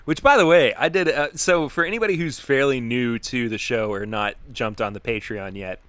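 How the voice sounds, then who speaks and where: A man talks casually through a live-streamed podcast, keeping the tone upbeat and loose. He thanks viewers along the way, and his voice sits at a middle male pitch. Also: normal speed, a bit bright, dry recording. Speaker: podcast host.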